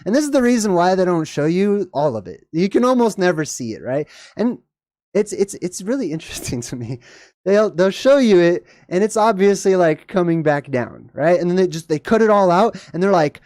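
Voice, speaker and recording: A jokey man riffs over a video in casual reaction commentary, animated and playful, his voice jumping high when he gets excited. He talks at normal speed, and the recording is dry and studio quality.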